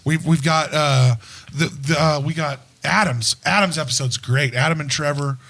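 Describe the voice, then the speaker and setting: A man hosting a podcast in casual chat, joking and cutting in with quick questions. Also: on the high side, fairly bright tone. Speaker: podcast host.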